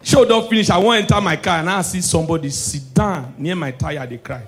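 A man with a Nigerian accent performing stand-up comedy. He mixes Pidgin and English and swings between murmured asides and shouted punchlines. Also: on the high side, a little fast, slight background noise.

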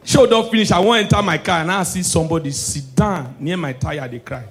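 High-voiced Nigerian man doing stand-up. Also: a little fast, a little hiss or hum. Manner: animated, swings between hushed asides and shouted punchlines. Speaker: stand-up comedian. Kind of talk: stand-up comedy performance.

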